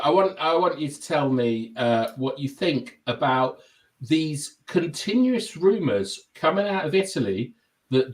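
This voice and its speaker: Lively, teasing man hosting a podcast. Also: mid-range voice. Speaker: podcast host. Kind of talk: casual chat.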